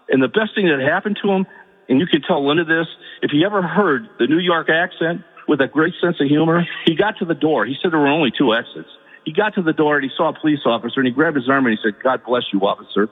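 A male radio caller from Michigan with a husky voice, telling a personal story in a halting, emotional way with repeated words. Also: medium pitch. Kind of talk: call-in radio talk. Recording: tinny phone line with long reverb.

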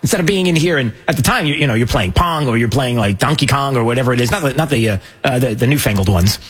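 A man's voice: medium pitch, expressive, quick pace, slightly rough. A man hosting a casual commentary show, rambling and joking with many fillers and restarts. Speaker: host.

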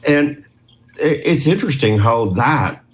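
A man from Canada, a retired police trainer, telling stories as a guest in a rambling, animated way with many restarts. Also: medium pitch, unhurried. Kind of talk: casual storytelling interview.

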